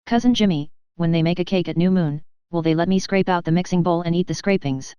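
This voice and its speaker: Earnest orphan girl read by a woman, pleading and anxious, clear smooth voice. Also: lowish voice, fast, dark tone, no room sound, lo-fi sound, close to an everyday voice.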